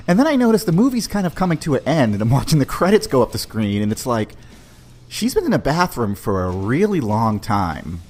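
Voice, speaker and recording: A man's voice: lowish voice, fast talker. A man hosting a podcast, telling a personal story in a loose, conversational way. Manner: loose, conversational, animated, full of "man" and "you know". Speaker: podcast host.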